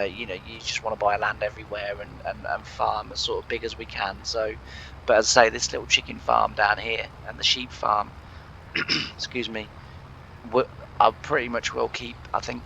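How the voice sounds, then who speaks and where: A gravelly, slightly low-voiced English man talks through a farming game in loose, rambling commentary, full of "uh"s and restarts. A sore throat roughens his voice, though his tone stays bright, with faint game noise underneath. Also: flat delivery, moderate pace, highs cut off. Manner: rambling, many fillers and restarts. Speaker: gaming channel host. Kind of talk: casual let's play commentary.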